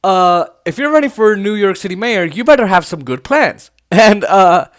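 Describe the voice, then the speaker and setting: A man's voice: high-pitched, animated, normal speed. A man hosting a podcast, giving casual political commentary in a loose, chatty way with many fillers and restarts. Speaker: podcast host.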